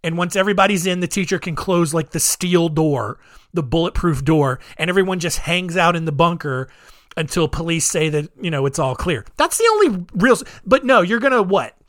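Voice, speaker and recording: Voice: medium pitch, animated, fairly quick, dry recording, studio quality. A podcast host giving solo commentary in a rambling way, leaning heavily on filler words. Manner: rambling, heavy use of "like".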